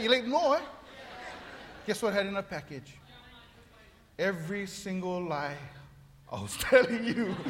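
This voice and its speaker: High-voiced pastor in a reverberant hall. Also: male voice, noisy background. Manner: playful storytelling, acts out voices, laughs often. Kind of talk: sermon with comic story. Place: church hall. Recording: long reverb of a large hall.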